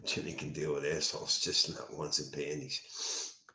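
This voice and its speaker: A man with a Philadelphia accent, a sober house manager, telling a story at home in an animated, profane way. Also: a bass voice, normal speed. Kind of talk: casual venting monologue. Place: indoors at home. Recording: roomy echo.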